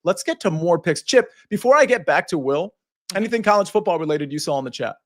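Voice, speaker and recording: A man hosting a sports betting show, moving along with brisk segues and promo reads. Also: high-pitched, lively intonation, a bit bright. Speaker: host.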